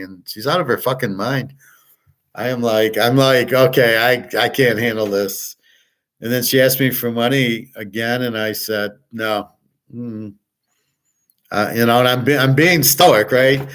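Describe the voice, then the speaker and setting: A man's voice: medium pitch, fairly bright tone. An older man hosting a sports betting show, talking in a rambling, casual way with plenty of swearing and restarts. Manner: rambling, profane, repeats himself.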